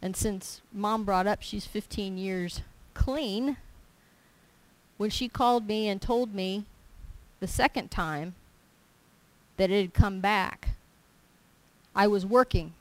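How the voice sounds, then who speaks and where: A woman's voice: medium pitch, takes it slowly, pauses often, rough recording. A woman giving a testimony sermon, telling stories with emphasis and acting out dialogue. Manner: animated storyteller, emphatic, acts out dialogue. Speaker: church speaker giving testimony.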